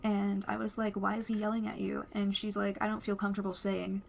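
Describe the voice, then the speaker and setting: A woman giving a personal account in a flat, hesitant way. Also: medium pitch, brisk, creaky, muffled recording. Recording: faint music behind. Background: faint music.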